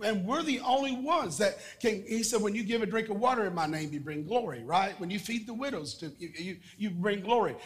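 A man's voice: high-pitched, a bit bright. A man preaching a sermon with prayer and call-and-response, emphatic and repetitive. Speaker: pastor. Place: church sanctuary. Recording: church hall reverb.

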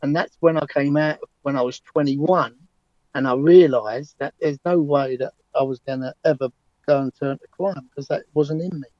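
A man's voice: fairly high pitch, moderate pace, no echo, muffled recording. Confident man in his sixties. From England. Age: 60s. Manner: confident, emphatic, rambling with restarts. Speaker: interview guest, London cab driver. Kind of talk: remote interview, conversational storytelling.

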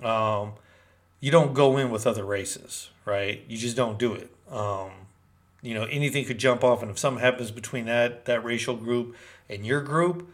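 A man's voice: medium pitch, normal speed. Man from Northern California, casual storyteller, slangy and rambling, mid-range voice. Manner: slangy, rambling, street talk. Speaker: storyteller recounting prison life.

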